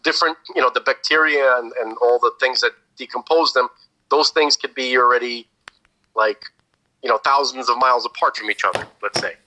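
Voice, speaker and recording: A man with a background talks through an idea in relaxed podcast chat, stumbling and repeating words as he thinks. His tone is very bright and sharp, at an ordinary pitch. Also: a little fast, poor audio. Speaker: podcast co-host. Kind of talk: casual chat.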